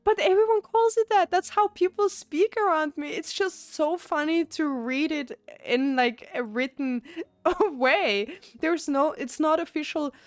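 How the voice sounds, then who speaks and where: A woman's voice: high-pitched, dry recording. A young woman with an Austrian German accent, chatting casually on a live stream, rambling with restarts and frequent giggles.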